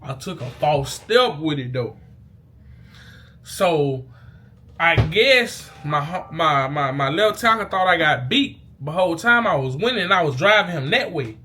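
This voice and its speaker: Young man, casual vlog storyteller, animated and slangy, with faint background noise. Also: fairly high pitch, unhurried. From Mississippi. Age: young adult. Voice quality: slangy, animated storytelling, loud bursts at the peaks. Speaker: vlogger. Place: indoors, talking into a mirror.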